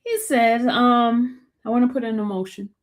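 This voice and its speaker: A woman's voice: on the high side, normal speed. Chatty woman recapping to viewers. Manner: chatty, animated storyteller addressing viewers as y'all. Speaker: show host recapping a trial. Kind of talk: casual live-stream chat.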